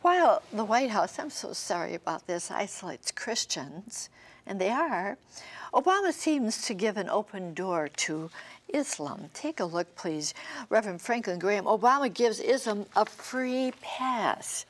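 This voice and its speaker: Older lady co-host on a religious tv show, earnest, reads news out loud. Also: mid-range voice, lively intonation, a little slow. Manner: earnest, emphatic, reads aloud. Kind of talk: television commentary and reading headlines.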